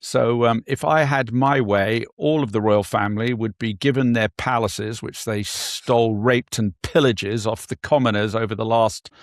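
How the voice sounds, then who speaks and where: A man's voice: medium pitch, steady tone, normal speed, hardly any pauses, no echo. Wry English man, dry close sound. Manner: wry, joking, plummy banter. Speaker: podcast co-host. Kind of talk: casual political chat.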